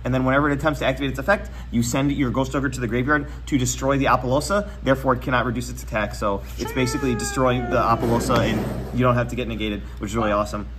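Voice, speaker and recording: Fast-talking young man breaking down a deck. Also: medium pitch, fairly even intonation, a little hiss or hum. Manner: quick, filler-heavy, trails off quietly. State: a little out of breath. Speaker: deck profile presenter. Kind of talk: casual card game deck breakdown. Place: card tournament venue.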